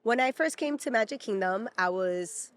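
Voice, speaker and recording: A woman's voice: fairly high pitch, lively intonation, normal speed. A woman in her thirties from Peru, a native Spanish speaker, co-hosting a casual chat and talking emotionally with lots of fillers. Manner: chatty and emotional, many fillers. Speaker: podcast co-host. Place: at a theme park.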